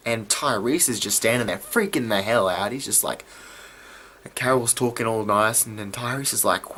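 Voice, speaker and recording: A man giving a casual video review of a TV episode, excitable and often stumbling over his words. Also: medium pitch, moderate pace. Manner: excitable, stumbling and restarting mid-sentence.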